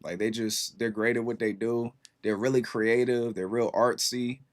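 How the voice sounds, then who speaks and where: Stream host, thirties man, easygoing and slangy, average pitch, chatty. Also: fairly even intonation, normal speed. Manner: laid-back, rambling, lots of fillers and slang. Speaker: livestream host. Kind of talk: casual chat with viewers.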